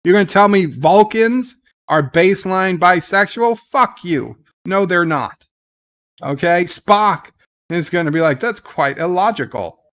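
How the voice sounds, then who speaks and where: A man's voice: high voice, lively intonation, measured pace, fairly bright tone. A man hosting a casual livestream, ranting bluntly with swearing and answering his chat. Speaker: livestream host reading chat.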